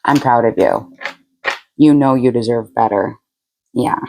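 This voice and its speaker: A woman's voice: rumbling low, a little slow, gravelly, mellow, a little hiss or hum, poor audio. Chatty, frank woman reading tarot. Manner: chatty and frank, laughs often, blunt slang. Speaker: tarot reader. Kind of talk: casual tarot reading to camera.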